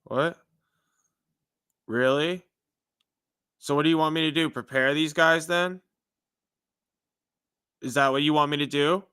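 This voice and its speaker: Bright, tense-voiced male livestream preacher. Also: fairly high pitch, fairly even intonation, unhurried, long pauses, clear, resonant tone, dry recording, clean studio sound. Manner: casual, chatty with viewers, uses "dude" and "you know". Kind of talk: casual livestream testimony and prophecy.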